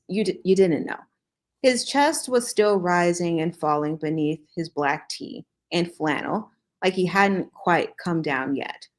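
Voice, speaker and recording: Woman host, lowish voice, unhurried dramatic read-aloud with wry asides. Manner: slow, dramatic reading with joking asides. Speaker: host reading fan fiction aloud. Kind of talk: casual reading aloud with asides.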